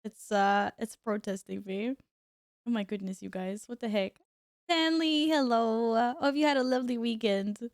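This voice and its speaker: A woman's voice: a little high, moderate pace, no echo, clean studio sound. A woman streamer chatting casually with her viewers while gaming at home, laughing often and reacting aloud.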